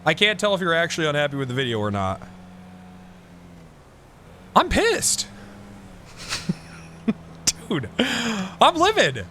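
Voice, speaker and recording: A man streaming live, chatting casually with an excitable, profane manner and mock-outraged outbursts. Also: a little high, slow pace, long pauses, slight background noise.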